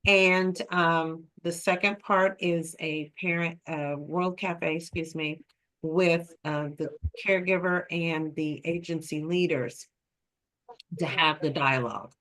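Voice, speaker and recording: A woman's voice: low voice, steady tone, slow, a bit bright. A woman facilitating an online meeting, speaking with many ums and easy laughter. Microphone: video call.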